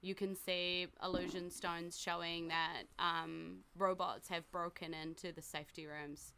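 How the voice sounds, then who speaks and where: A woman with a New Zealand accent, narrating a tabletop game as game master in an animated, storytelling way. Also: lowish voice, a little slow, vocal fry, clear, resonant tone. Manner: animated storytelling with voices for characters. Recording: recorded podcast.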